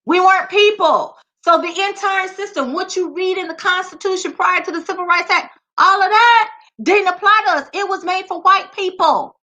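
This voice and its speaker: A woman's voice: very high-pitched, pushed and bright. A woman giving impassioned social commentary, talking straight to her audience with emphatic repetition and rhetorical questions. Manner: direct address to the audience.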